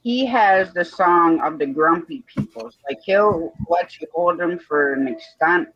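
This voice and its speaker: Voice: medium pitch, expressive, a little slow, no room sound, muffled recording. A person chatting casually on a livestream, telling folksy stories. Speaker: livestream chat participant. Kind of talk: casual chat.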